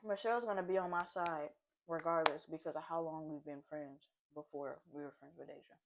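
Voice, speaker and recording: A young woman chatting through a personal story while eating, animated and full of asides and fillers. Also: sits low, a little fast, heavy background noise. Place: at home, eating a seafood boil.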